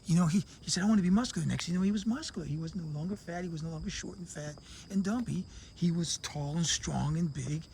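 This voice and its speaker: A man's voice: on the high side, fast, gravelly, few pauses, a little mellow, slight background noise. A man casually telling a long joke to camera, acting out the characters in raised voices. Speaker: vlogger living abroad.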